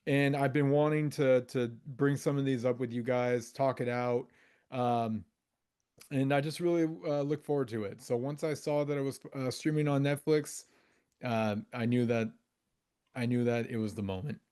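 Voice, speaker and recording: A man's voice: mid-range voice, moderate pace, darkish tone, clear, resonant tone. A man co-hosting a casual movie podcast over a video call, explaining his pick in enthusiastic, meandering talk. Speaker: podcast co-host. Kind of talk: casual chat among friends.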